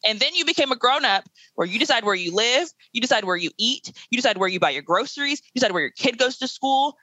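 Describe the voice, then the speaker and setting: Bright, emphatic young woman. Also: fairly high pitch, expressive, quick pace, dry recording, rough recording. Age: 20s. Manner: emphatic and blunt, with laughter. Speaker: guest, educator. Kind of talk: podcast interview.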